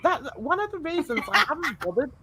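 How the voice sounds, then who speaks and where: A woman's voice: sits high, big pitch swings, fairly quick, over a noisy crowd. A woman speaking in an exasperated, dismissive way.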